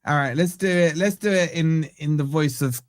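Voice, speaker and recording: A man's voice: on the high side, normal speed, no echo. A young man hosting a live football fan reaction stream, rambling and joking while he interrupts himself. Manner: rambling, self-interrupting, jokey. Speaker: fan channel host.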